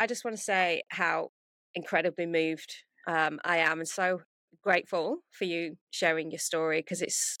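A woman's voice: lowish voice, fairly bright tone, no echo. A woman co-hosting an interview from a soundproof studio room, speaking earnestly and heartfelt, filling her talk with likes and you knows. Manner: earnest, heartfelt, uses like and you know a lot. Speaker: podcast co-host. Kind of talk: casual interview chat.

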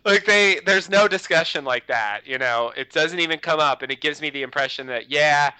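Podcast co-host, male, somewhat high and very bright, rambling casual talk. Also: moderate pace, clear, resonant tone, dry recording, rough recording. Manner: rambling, lots of "you know" fillers. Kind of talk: casual chat.

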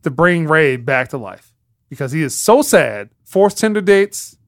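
A man's voice: fairly high pitch, sing-song, unhurried, dry recording, clean studio sound. A man hosting a podcast in casual chat, rambling and acting out quotes as he goes. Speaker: podcast host.

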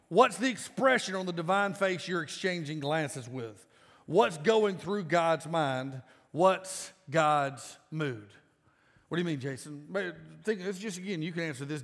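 A man in his forties preaching a sermon to a congregation in a casual, emphatic way that breaks into loud bursts. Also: high-pitched, expressive, normal speed. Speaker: pastor. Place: large church auditorium. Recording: live church sound with long reverb.

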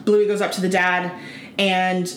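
A woman's voice: lowish voice, a little slow, slight background noise. Chatty woman in an echoey room. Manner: laughing, animated storytelling. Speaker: podcast co-host. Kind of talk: casual chat.

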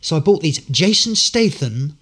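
A man's voice: on the high side, big pitch swings, normal speed, fairly bright tone. A man telling a long anecdote as a podcast guest, full of fillers and restarts. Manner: rambling storyteller, many fillers and restarts. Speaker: guest, street performer.

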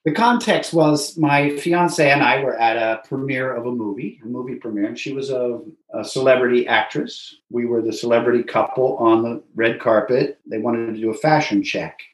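An American man, an interview guest, telling stories in a lively, casual way. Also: medium pitch, moderate pace, few pauses. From United States. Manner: animated storyteller who acts out voices. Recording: roomy echo.

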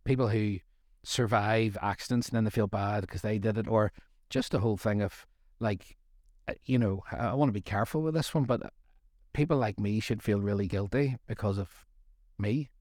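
A man's voice: on the low side, moderate pace, darkish tone, no echo, clean studio sound. A middle-aged man co-hosting a faith study series, talking in a rambling, jokey way with self-deprecating asides. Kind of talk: casual faith discussion.

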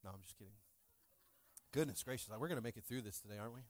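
Racing through his sermon, a pastor in his thirties speaks at an ordinary middle pitch in a church sanctuary. Jokes and playful asides to the congregation fill it, and he swings from loud bursts to soft, quiet asides.

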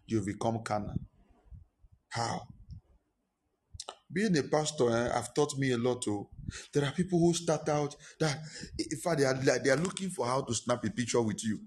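A male pastor, preaching a sermon with impassioned repetition and sudden high-pitched emphasis. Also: slight background noise.

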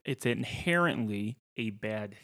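A man's voice: lowish voice, animated, slow, pushed and bright. A man in his twenties, a guest on a podcast, talking casually and tentatively with lots of hedges. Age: 20s. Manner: tentative, hedging, chuckles.

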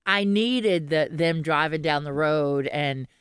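A woman's voice: low-pitched, slow pace, clear, resonant tone, dry recording, studio quality. A woman, co-hosting a podcast in casual, rambling chat, laughing often and restarting her sentences. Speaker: podcast co-host.

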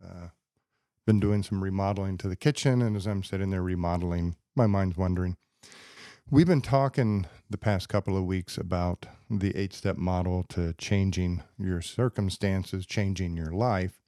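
A man hosting a podcast alone as a psychologist, explaining ideas step by step in a steady, lecturing way. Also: deep voice, moderate pace, no echo, studio quality. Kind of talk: casual solo podcast talk. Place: podcast studio.

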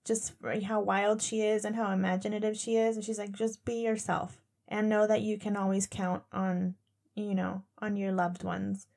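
A woman's voice: medium pitch, flat delivery, normal speed, vocal fry, a little mellow. A woman in her thirties co-hosting a podcast, telling stories in a bubbly, giggly way. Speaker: podcast co-host. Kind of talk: casual chat, storytelling.

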